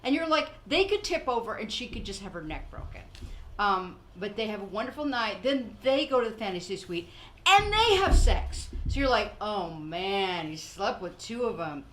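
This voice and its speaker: A medium-pitched older woman speaks at a normal speed while hosting a laid-back podcast. Her storytelling is animated, full of acted-out quotes and frequent laughs, with slight background noise present.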